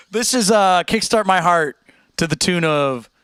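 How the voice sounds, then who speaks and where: A man's voice: sits high, animated, a little slow, fairly bright tone, smooth, no echo. A man hosting a casual livestream chat, rambling and laid-back, laughing often. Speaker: streamer host.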